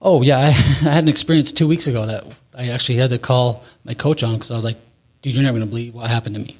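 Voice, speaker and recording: A man's voice: medium pitch, racing. A man in his forties, an interview guest, telling a candid recovery story in a rambling way with restarts and nervous laughs.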